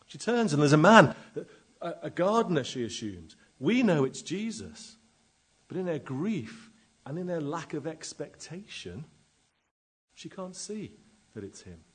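Husky-voiced man preaching a sermon. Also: medium pitch. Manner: dramatic, wide swings in loudness, slow emphatic pauses.

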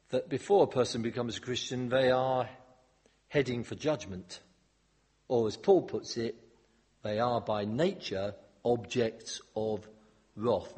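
A man preaching an animated expository sermon, mixing humorous asides into his teaching. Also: mid-range voice, slightly rough. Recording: long hall reverb.

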